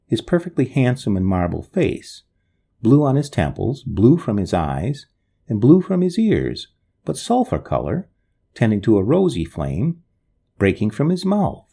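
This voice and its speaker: A man narrating an old story in the first person, in a dramatic, expressive way. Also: mid-range voice, measured pace, vocal fry, breathy edge.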